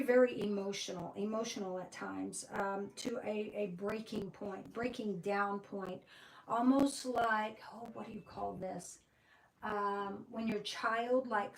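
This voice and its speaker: A woman's voice: mid-range voice, recorded from a distance, slight background noise, low-quality recording. Rambling woman giving a tarot reading. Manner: rambling, many fillers and restarts. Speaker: tarot reader.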